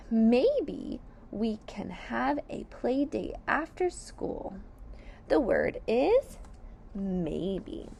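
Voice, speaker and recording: Slow, lively-pitched woman teaching phonics. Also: slight background noise. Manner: slow, clear sounding out of words, encouraging. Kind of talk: sight word and phonics lesson for young children.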